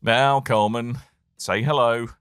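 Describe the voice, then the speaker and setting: A man's voice: medium pitch, fairly even intonation, unhurried, fairly bright tone, clear, resonant tone, dry recording, clean studio sound, soft background music. A man co-hosting a podcast, giving a playful, theatrical comedy intro. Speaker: podcast co-host. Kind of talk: comedic show intro in role-play.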